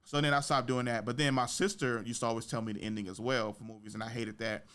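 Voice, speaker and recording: A man's voice: fast, clean tone. A man hosting a podcast, telling stories in casual chat, slangy and swearing, acting out quotes with big jumps in his voice. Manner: animated storytelling, acts out quotes with big pitch jumps. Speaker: podcast host.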